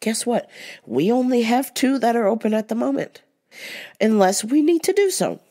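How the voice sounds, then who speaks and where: A woman's voice: on the high side, expressive, moderate pace, dark tone. A woman hosts a podcast and tells stories casually. She is blunt and candid, and she swears freely as she talks. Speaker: podcast host. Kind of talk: casual storytelling.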